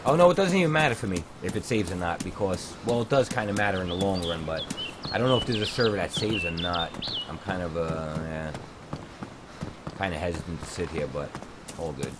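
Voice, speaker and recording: A man's voice: low voice, brisk. A young man streaming a game at home on a headset mic, ranting in crude, mocking slang. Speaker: gameplay streamer. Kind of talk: profane ranting gameplay commentary. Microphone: noise-cancelling headset mic. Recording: steady background noise.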